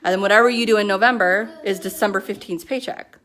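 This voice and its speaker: A woman at home, talking to her business team in a casual motivational pep talk, excited and chatty, filling her speech with "like" and "you know.". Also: mid-range voice, quick pace, a little hiss or hum. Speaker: network marketing team leader. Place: at home with her kids nearby.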